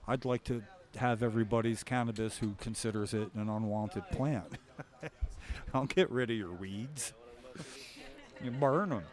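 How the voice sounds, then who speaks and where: A man's voice: medium pitch, darkish tone. A man hosting a podcast, rambling casually and chuckling as he talks. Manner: rambling, chuckling, restarts often. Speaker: podcast host. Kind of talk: casual chat.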